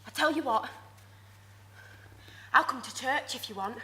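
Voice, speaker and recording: An actress playing a troubled young woman in a hushed monologue, soft and coaxing. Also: high-pitched, measured pace, background noise. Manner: soft, coaxing, working-class speech. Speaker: drama student in a showcase scene.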